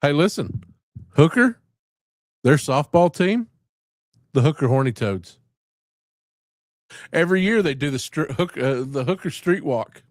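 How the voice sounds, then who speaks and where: A man's voice: fairly high pitch, expressive, unhurried, long pauses, no echo, clean studio sound. A man hosting a casual live stream, rambling and joking with frequent laughter. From southern United States.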